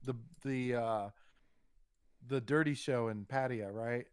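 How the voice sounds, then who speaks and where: A young man co-hosting a podcast, telling a rambling, profane story and getting animated when he quotes himself. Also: medium pitch, slow pace, clean tone, no echo, clean studio sound. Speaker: podcast co-host. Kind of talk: casual storytelling.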